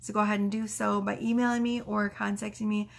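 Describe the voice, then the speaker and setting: A woman tarot reader talking gently and affectionately to her viewers, reading oracle card messages aloud slowly. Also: mid-range voice, flat delivery, vocal fry.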